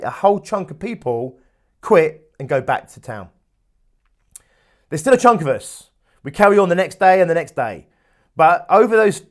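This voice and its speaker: Emphatic man giving a motivational talk. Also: fairly high pitch. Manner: emphatic, storytelling, repeats phrases for effect. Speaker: podcast host.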